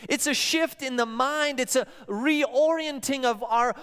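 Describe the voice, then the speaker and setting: In a church hall with long reverb, a male pastor preaches at a measured pace, his high voice clear, smooth and fairly bright. His sermon is built on storytelling, and he voices the people he quotes.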